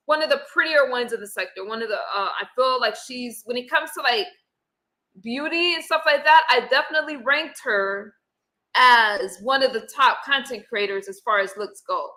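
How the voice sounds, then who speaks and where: A woman hosting a casual panel discussion, opinionated and quick to argue her point. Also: fairly high pitch, pushed and bright, rough recording. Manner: opinionated, argumentative. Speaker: host.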